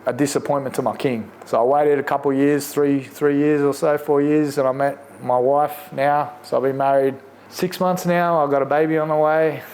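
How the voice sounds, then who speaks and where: A man with an Australian accent, in his forties, telling his faith testimony casually, animated and slangy, laughing often. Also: a little high, normal speed. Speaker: guest sharing testimony.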